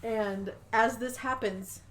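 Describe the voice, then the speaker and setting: A woman's voice: a little high, fairly even intonation, slow. A woman podcast host retelling a movie plot in casual chat, full of "like" fillers and the odd swear word. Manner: chatty, frequent "like" fillers and swearing.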